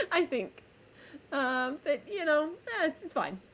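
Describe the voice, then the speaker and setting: A woman live-streaming a game, thinking aloud emotionally and warmly thanking her viewers. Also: high-pitched, huge pitch swings, slow pace. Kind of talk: live-streamed gameplay chat.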